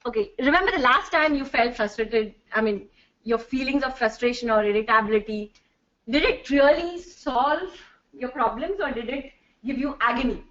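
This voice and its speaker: A woman's voice: fairly high pitch, lively intonation, moderate pace, fairly bright tone. A middle-aged woman giving a chatty workshop talk to a live audience as a corporate trainer, slipping into Hindi and laughing often. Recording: distant, dull, echoey room.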